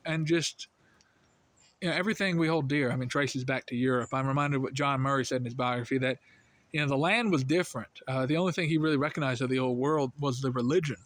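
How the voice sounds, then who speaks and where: A man speaks in an earnest, worried tone at a middling pitch, thinking aloud as he goes. He is delivering an unscripted monologue as the host of his own video. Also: fast talker, dry recording. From United States.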